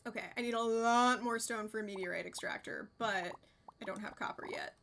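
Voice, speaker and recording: A woman streaming a game, chatting excitedly and sometimes dropping to a soft whisper. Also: fairly high pitch, fairly quick, vocal fry, slight background noise. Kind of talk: casual live-stream commentary. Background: game music.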